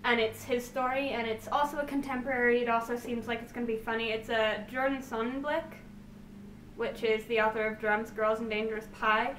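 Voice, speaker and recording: A woman's voice: a little high, level tone, fairly quick, a bit bright. Bubbly young woman gushing about books. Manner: bubbly, gushing, rambling with fillers. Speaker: book vlogger. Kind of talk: casual book haul chat. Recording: echoey room, distant mic, faint hiss.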